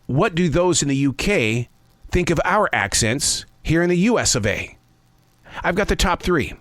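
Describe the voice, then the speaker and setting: A man's voice: fairly high pitch, animated, moderate pace, fairly bright tone, dry recording. A man in his sixties hosting a scripted spoken essay, folksy and conversational with playful asides. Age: 60s. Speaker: host. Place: living in the American South.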